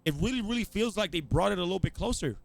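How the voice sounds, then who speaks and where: A man's voice: high voice, expressive, very fast, vocal fry, low-quality recording. A man with a Virgin Islands accent, commentating a live race in a chatty, rambling way. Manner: chatty, rambling, frequent restarts. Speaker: esports commentator.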